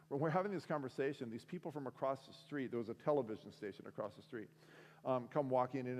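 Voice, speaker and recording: A man gives a storytelling talk and acts out each voice in his story with lively energy. His middle-pitched voice carries a long hall reverb. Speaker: speaker. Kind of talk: storytelling sermon.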